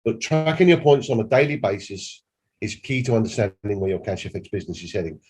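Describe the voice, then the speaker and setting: A man's voice: lowish voice, lively intonation, a little fast, a little mellow, husky. A man, a company director, giving an emphatic, repetitive training presentation and demonstrating on screen.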